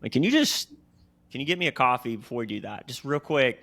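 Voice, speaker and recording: Low gravelly guy cracking jokes on a podcast, bright edge. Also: sing-song, brisk. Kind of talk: casual podcast chat.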